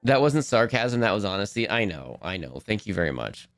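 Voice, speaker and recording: A man's voice: lowish voice, very animated, fairly quick, fairly bright tone, no room sound. A man chatting casually with viewers on a live stream, laughing often, his voice a little worn from talking.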